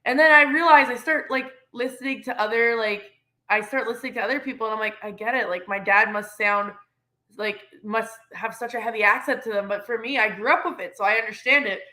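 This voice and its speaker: A woman from Canada chatting casually, telling stories excitedly and acting out the people she quotes. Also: fairly high pitch, a little fast. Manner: excitable storyteller, acts out quoted voices. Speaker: podcast co-host. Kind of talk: casual chat.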